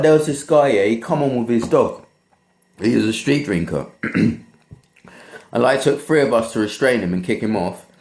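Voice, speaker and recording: A man's voice: medium pitch, a little mellow, roomy sound. A young man ranting bluntly and with a lot of swearing about his work in event security. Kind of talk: ranting vlog monologue.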